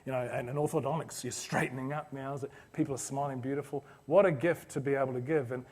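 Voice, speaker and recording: A man's voice: mid-range voice, fairly even intonation, fast talker, a little mellow. A man giving a motivational business talk to a live audience, telling a story in an earnest, anecdotal way with frequent restarts. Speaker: business speaker presenting to an orthodontics audience.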